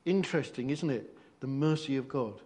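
A man's voice: medium pitch, moderate pace, darkish tone. A man leading a church meeting, responding to testimonies in an affirming, reflective way. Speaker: pastor. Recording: crowd faintly heard.

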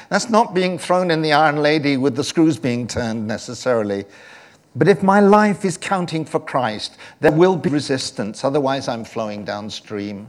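A man preaching a sermon from England, animated and swinging between soft and loud delivery. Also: medium pitch, moderate pace.

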